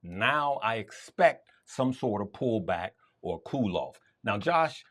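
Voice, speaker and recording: A man's voice: on the low side, big pitch swings, slow, fairly bright tone. A male host walks viewers through stock charts. He is emphatic and hammers his points home by repeating them. His voice rises and falls over a wide range. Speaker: stock trading show host. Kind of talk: market commentary to viewers.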